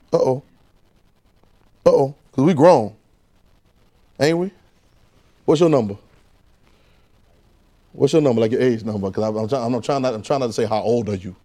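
A man with a mid-range voice preaches a sermon. He fires rhetorical questions at the congregation, swinging between loud exclamations and quiet asides.

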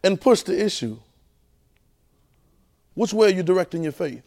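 A man preaching a sermon to a class at a church training center, animated and repetitive, firing rhetorical questions. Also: sits high, moderate pace.

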